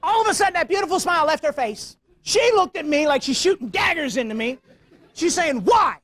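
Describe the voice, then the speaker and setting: A middle-aged man giving a security awareness talk with humor to a live audience, animated, telling stories and tossing rhetorical questions at the crowd. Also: very high voice, fairly quick. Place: meeting room before live audience.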